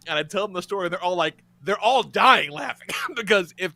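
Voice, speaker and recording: A man's voice: sits high, brisk, creaky, no room sound. A man hosting a podcast and telling a story in casual chat, swearing often, laughing and acting out the other people's lines. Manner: animated, laughing, swearing, acts out quotes. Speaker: podcast host.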